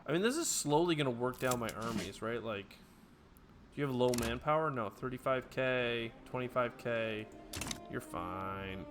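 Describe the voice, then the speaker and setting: A man commentating his own strategy game playthrough, bursting into excited trash talk and then dropping to quiet mutters. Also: medium pitch, moderate pace. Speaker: let's play gamer. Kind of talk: gameplay commentary. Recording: clear game music behind voice. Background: game background music.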